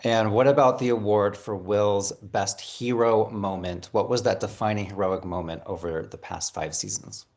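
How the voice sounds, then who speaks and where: A man interviewing an actor, asking measured, friendly questions. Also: lowish voice, fairly even intonation, darkish tone.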